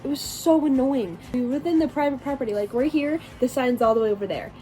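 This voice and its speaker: A teenage girl voices over her vacation vlog, telling the story in a rambling, chatty way packed with fillers and restarts. Her voice sits high, quick and mellow, with faint music behind it on a low-quality recording.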